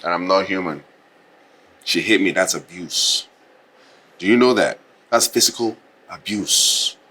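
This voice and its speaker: An actor with a Nigerian accent playing a defensive, scornful man who angers quickly. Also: low-pitched, pushed and bright, exaggerated voice. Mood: indignant. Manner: indignant, scornful. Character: proud defensive man, quick to anger, dismissive of his fiancée. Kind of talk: film drama acting.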